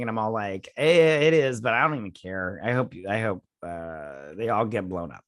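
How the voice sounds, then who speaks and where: A man with a fairly low voice runs a TV breakdown channel, recapping an episode in a sarcastic, casual rant. He mocks characters with goofy quotes, laughs often, swears, and lets sentences trail off into fillers, all captured in clean studio sound with no room echo.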